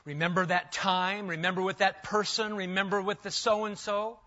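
A middle-aged man preaching a sermon, emphatic, rising loud and then dropping to a hush. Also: high voice, flat delivery, moderate pace. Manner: emphatic, swings between loud and hushed. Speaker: pastor. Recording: dull lo-fi sound.

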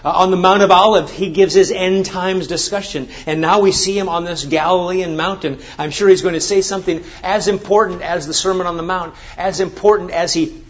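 A man's voice: high voice, fairly even intonation, brisk, few pauses. A man preaching a sermon, reading scripture and then explaining it with emphatic, rising exclamations. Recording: dull lo-fi sound.

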